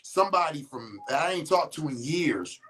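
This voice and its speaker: On this podcast, the male host's fairly high, animated voice moves at a moderate pace and sounds a bit bright, though the recording quality is poor. His storytelling is blunt, profane and emphatic, delivered casually to his audience with frequent restarts mid-sentence.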